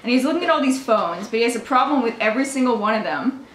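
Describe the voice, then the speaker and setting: A woman's voice: fairly high pitch, animated, fast talker, a bit bright. A young woman telling a story on her vlog, swearing freely, laughing often and mocking the people she quotes. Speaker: vlogger. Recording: echoey room with faint noise.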